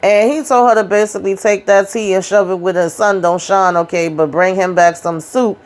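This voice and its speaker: A woman's voice: medium pitch, steady tone, moderate pace. A woman casually recapping a TV drama episode, acting out the characters' lines with slangy asides. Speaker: TV recap host.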